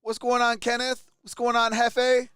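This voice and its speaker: A man hosting a casual live stream with a hoarse, worn-out voice, who greets viewers one by one and laughs often. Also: extremely high pitch, monotone, a little slow, fairly bright tone, no echo, studio quality. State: hoarse, voice nearly gone. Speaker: livestream host.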